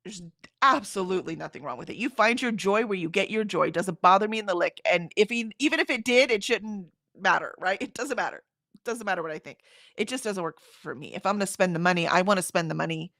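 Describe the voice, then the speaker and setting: Fast and animated, a middle-aged woman from Houston, Texas, chats on her livestream, rambling and laughing as she reads comments. Her medium-pitched voice is creaky and fairly bright, captured as a dry, studio-quality recording.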